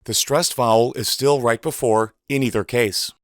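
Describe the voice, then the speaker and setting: Man narrating a measured, dry lesson. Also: mid-range voice, fairly even intonation, no echo. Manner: measured, precise explanation. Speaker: teacher. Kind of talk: scripted instructional narration.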